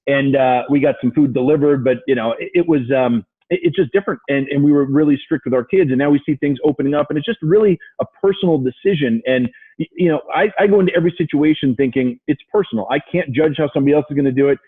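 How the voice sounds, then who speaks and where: Fast-talking man on a phone-thin line. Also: fairly high pitch, slightly rough, narrow, tinny audio. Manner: easygoing, agreeable. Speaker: host. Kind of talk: casual interview chat.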